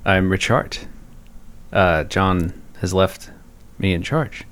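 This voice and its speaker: A man's voice: takes it slowly, fairly bright tone, heavily acted. A man playing a pushy snobbish chocolate expert. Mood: smug. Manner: pushy, boastful, breaks into high laughs. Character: snobbish male chocolate connoisseur, pushy and boastful. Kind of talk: improvised comedy sketch.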